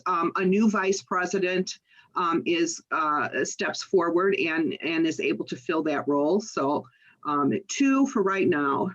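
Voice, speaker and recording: Slow, halting woman chairing a meeting. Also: mid-range voice, a bit bright, muffled recording. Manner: slow, halting, many fillers. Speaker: board chair running a meeting.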